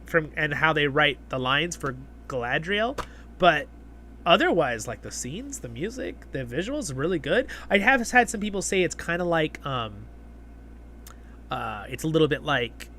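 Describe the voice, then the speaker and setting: Chatty bright-voiced male streamer. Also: fairly high pitch, big pitch swings, normal speed, slight background noise. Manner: chatty, reads viewer comments aloud; rambling with many fillers and restarts. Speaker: livestream host. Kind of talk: casual live-stream chat.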